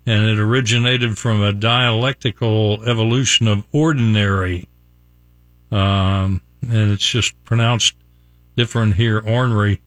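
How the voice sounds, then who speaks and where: A man's voice: on the low side, fairly even intonation, unhurried, fairly bright tone, no echo. An older man from West Virginia hosting a casual morning radio show, folksy and chuckling as he reads out examples. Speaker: radio host. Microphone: studio microphone.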